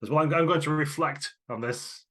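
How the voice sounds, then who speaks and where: A man narrating as game master in a tabletop game, lively and wry. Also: a little high. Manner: lively, wry, quick asides.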